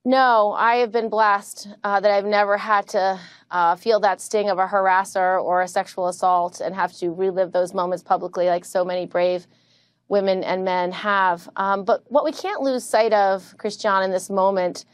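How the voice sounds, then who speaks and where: A woman senator answering in a TV news interview, earnest and measured with some hesitant fillers. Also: mid-range voice, steady tone, smooth, no room sound.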